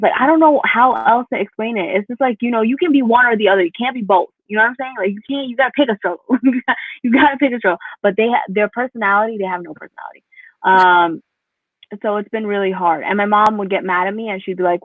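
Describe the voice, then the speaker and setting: A woman's voice: medium pitch, fast talker, dry recording. A young woman from New doing a rambling stand-up set, full of fillers and laughing at her own jokes. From New York. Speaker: stand-up comedian. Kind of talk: stand-up set over a video call. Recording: tinny phone-like call audio, dry.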